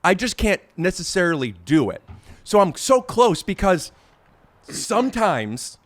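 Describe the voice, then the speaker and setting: A man hosting a casual podcast, his voice lively and swooping as he rambles excitedly and pokes fun at himself. He speaks a touch high for a man. The recording is dry and close, with no room sound. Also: measured pace, dry recording. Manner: excitable, self-deprecating, rambling with restarts. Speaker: podcast host. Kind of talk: casual chat and amateur singing.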